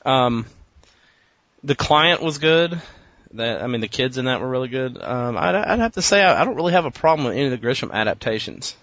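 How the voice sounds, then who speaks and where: A man's voice: mid-range voice, animated, brisk, a bit bright, dry recording. A man co-hosting a casual chat, joking and offering strong opinions. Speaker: podcast co-host. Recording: dry, dull lo-fi sound.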